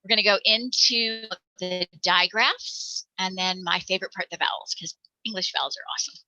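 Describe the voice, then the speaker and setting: A woman presenting a phonics lesson for parents, encouraging and demonstrating each sound out loud. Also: mid-range voice, normal speed, no echo, poor audio. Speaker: teacher presenting a parent workshop.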